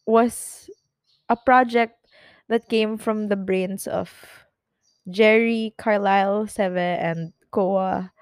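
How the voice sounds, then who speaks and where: A woman's voice: medium pitch, a little mellow, dry recording, studio quality. A young woman hosting her own podcast, talking in an emotional, rambling way, tearful at times. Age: young adult. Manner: emotional, rambling, with many restarts and fillers. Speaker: podcast host. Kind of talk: personal confessional chat.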